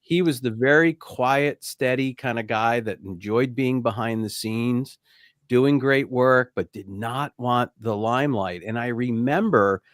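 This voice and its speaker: A man's voice: mid-range voice, no echo. A middle-aged man with a mid-range voice hosts a business podcast interview. He talks in a reflective, conversational way, recorded dry and close. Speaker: host, company CEO.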